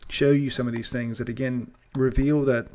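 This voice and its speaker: A man's voice: mid-range voice, level tone, normal speed, a little mellow. A man hosting a casual monologue show, rambling and earnest, often restarting and repeating words. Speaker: podcast host.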